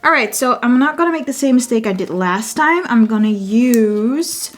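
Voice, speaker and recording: A woman's voice: mid-range voice, expressive, moderate pace, hardly any pauses, slight background noise. A woman with a Dutch accent, a native Dutch speaker, chatting casually as she sets up her journal, thinking aloud and correcting herself as she goes. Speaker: vlogger. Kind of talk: casual chat while journaling.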